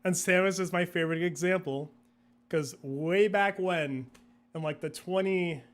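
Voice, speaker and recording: With a high voice and a slightly slow delivery, a young video creator chats as an interview guest in a relaxed conversation. He wanders from point to point, laughs a lot, and voices his own thoughts in quotes.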